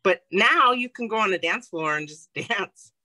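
A woman's voice: mid-range voice, lively intonation, moderate pace, sharp tone, rough recording. A woman co-hosting a podcast, bantering bluntly and jokingly in casual chat. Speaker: podcast co-host.

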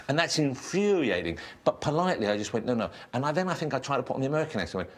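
A man's voice: mid-range voice, big pitch swings, very fast, few pauses. A man telling an anecdote in a casual, exasperated and sardonic way.

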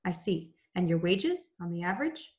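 A cold, stern mill agent who fires off clipped, probing questions, as a woman reading aloud to a class voices him. The voice sits fairly low and stays close to the reader's own. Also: sing-song, normal speed.

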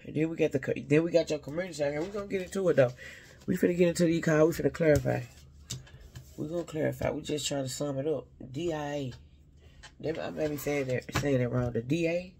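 A man's voice: on the high side, fast talker, vocal fry, warm tone, slight background noise. A man giving a casual spiritual reading to his viewers, rambling and talking straight to them while often second-guessing his own words.

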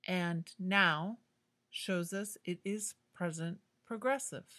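Woman teacher going over english grammar, super slow and clear, patient. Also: on the low side, pushed and bright. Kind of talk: grammar lesson.

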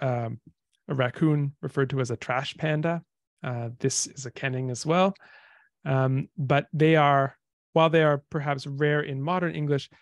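A man's voice: medium pitch, no echo, studio quality. A man giving an online lecture, chatty and thinking aloud, with fillers and restarts. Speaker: lecturer on dead languages. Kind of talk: online talk with slides.

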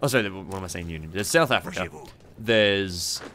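A man's voice: low-pitched, fairly quick, a bit bright, a little hiss or hum. A young man hosting a strategy game playthrough, rambling and swearing with mocking asides. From Australia. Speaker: gaming channel host. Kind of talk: casual strategy game commentary.

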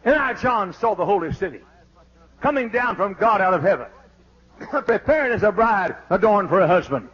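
High-pitched husky preacher, fiery sermon. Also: male voice, lively intonation, moderate pace. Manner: exclaiming, shouting praise. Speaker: pastor. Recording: dull lo-fi archive sermon tape.

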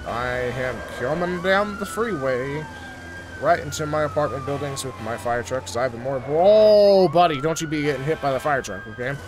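A young man giving goofy, excitable commentary over his own video game playthrough, joking with his viewers. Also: on the high side, a little fast, few pauses, noisy background. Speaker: gaming YouTuber. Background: game music and sirens.

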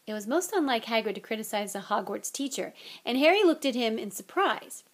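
A woman reading a novel aloud as audiobook narrator, in a steady storytelling manner. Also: a little high, a little fast, a little hiss or hum.

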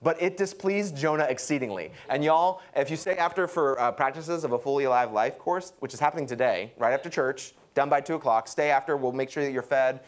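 A young adult man preaching a sermon, animated and acting out quotes. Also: fairly quick, hardly any pauses. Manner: lively, acts out quotes with pitch jumps. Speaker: pastor.

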